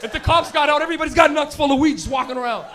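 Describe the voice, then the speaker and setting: A man's voice: very high voice, very fast, a bit bright, a faint crowd. A young man from Canada doing a profane stand-up comedy set at a club, acting out friends and cops in voices.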